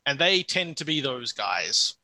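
A man's voice: mid-range voice, sing-song, unhurried, sharp tone, dry recording. A man narrating as game master of a tabletop game, setting scenes in a loose, descriptive way.

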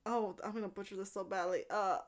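A woman's voice: medium pitch, steady tone, fast talker. A young woman in casual chat, giggling and stumbling as she reads out names. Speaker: co-host.

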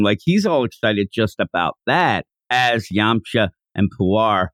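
Animated man recapping, dry close mic. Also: on the low side, slow, dry recording. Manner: animated, acts out characters' lines while recapping. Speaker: podcast co-host. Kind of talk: casual chat recapping a comic.

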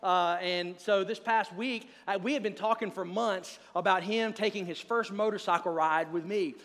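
A man in his thirties preaches to a congregation with a fairly high voice, telling stories in a loose, chatty manner. His words ring out with the long reverb of a big hall. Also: moderate pace. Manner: conversational, animated storytelling with asides to the congregation. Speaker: pastor. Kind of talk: sermon with personal stories.

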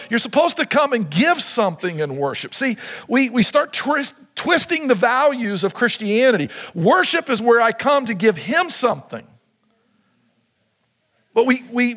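In a church sanctuary, a high-voiced man preaches a sermon as pastor. He's animated and keeps asking the congregation questions.

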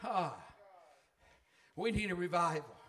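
A man's voice: high-pitched, expressive, unhurried, fairly bright tone, slight background noise. A middle-aged man preaching a sermon in a fervent, folksy way.

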